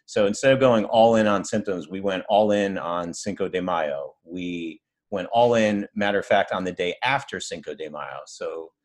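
A man speaking as a podcast guest, telling relaxed stories from his agency work with fillers and chuckles, from his home office. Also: sits low, normal speed, hardly any pauses. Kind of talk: casual podcast conversation.

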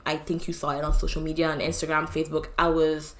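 A young woman with a lowish voice co-hosts a podcast chat. She talks in an emotional, halting way and leans on fillers. She is from Canada. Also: pushed and bright. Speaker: podcast co-host. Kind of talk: casual chat.

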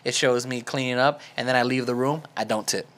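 A man hosting a casual comedy podcast, telling stories in an animated way and laughing often. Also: medium pitch, brisk. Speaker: podcast host.

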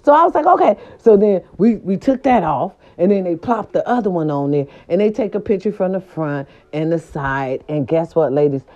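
A woman's voice: lowish voice, animated, normal speed, few pauses, warm tone. Woman, vlogger, salty and playful, straight talk to viewers, muffled lo-fi audio. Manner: blunt, profane, playful, talks straight to viewers. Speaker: vlogger telling a story to viewers. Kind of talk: casual storytelling vlog.

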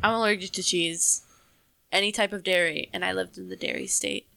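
A woman's voice: medium pitch, fairly even intonation, fairly quick, creaky, pushed and bright. A woman from Wisconsin chatting casually as a guest, rambling with frequent ums and laughs. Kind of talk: casual chat.

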